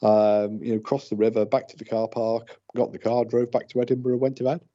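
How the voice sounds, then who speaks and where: Co-host, male, hesitant and chatty, husky mellow tone, dull lo-fi radio sound. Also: medium pitch, little pitch movement, brisk. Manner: hesitant, many fillers and restarts. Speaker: paranormal investigator, co-host. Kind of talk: casual radio talk.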